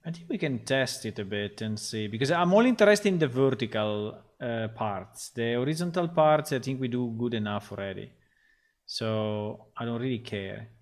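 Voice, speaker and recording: A man's voice: mid-range voice, lively intonation, moderate pace. A man casually talking through his game development work on a livestream, rambling and muttering to himself as he goes. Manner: rambling, talks to himself, gets frustrated and swears.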